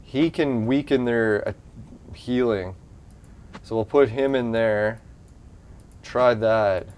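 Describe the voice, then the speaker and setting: A man's voice: mid-range voice, slow, darkish tone. A man giving casual gameplay commentary as a channel host, talking to himself, cursing and getting frustrated as his team loses. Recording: game music playing clearly underneath.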